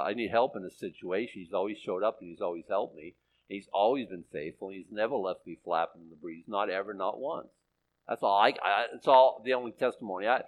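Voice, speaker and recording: A man's voice: medium pitch, rough recording. A male pastor preaching a conversational sermon, often checking in with his listeners.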